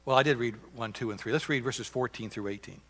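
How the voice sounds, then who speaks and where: A man with a Southern US accent preaching a sermon, reading scripture with rising force and dropping to quiet asides. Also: medium pitch, quick pace. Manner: imitates bird calls to illustrate. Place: church sanctuary. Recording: church sanctuary with long reverb.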